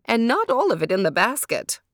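A woman's voice: on the high side, big pitch swings, a little fast, fairly bright tone, no room sound, studio quality, pitched above the performer's own voice. A woman reading as a cheerful old peasant woman. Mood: contented.

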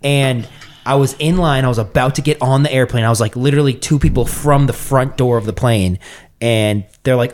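A man chatting on a podcast, telling an angry story with lots of swearing. He jumps up in pitch when he acts out what people said. His voice sits in an ordinary middle range. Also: a little fast. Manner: animated storyteller, swears a lot, acts out quotes. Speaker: podcast co-host. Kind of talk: casual podcast chat.

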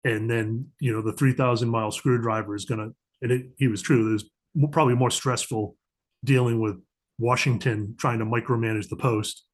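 This podcast guest, a middle-aged diplomatic security agent, talks briskly in a medium-pitched voice. It's a casual storytelling interview, and he is an animated narrator who performs the quoted lines of the people in his stories.

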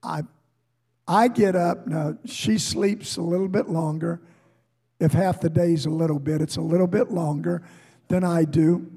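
A man preaching a sermon to a congregation, swinging from shouted high rises to hushed low asides. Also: steady tone, a little slow, husky, in a large hall. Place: church before a congregation.

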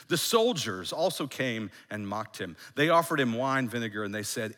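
A man preaching a sermon as a pastor, emphatic, repeating phrases and dropping to a hush for effect. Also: medium pitch, sing-song, moderate pace, few pauses, in a large hall. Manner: emphatic, with repeated phrases and dramatic hushed drops.

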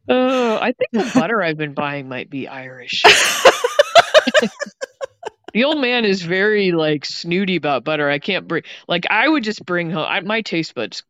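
A woman's voice: fairly low pitch, big pitch swings, a little slow, fairly bright tone, no room sound, dull audio. A woman co-hosting a podcast in casual chat, rambling and poking fun at herself. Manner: rambling, self-mocking. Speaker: podcast co-host.

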